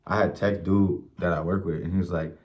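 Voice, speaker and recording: A young man from Ohio with a very low voice tells stories in a loose, profane vlog rant. He gets animated and acts out the people he quotes. The recording sounds dull and lo-fi. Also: a little fast. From Mansfield, Ohio. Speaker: vlogger. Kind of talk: casual storytelling rant.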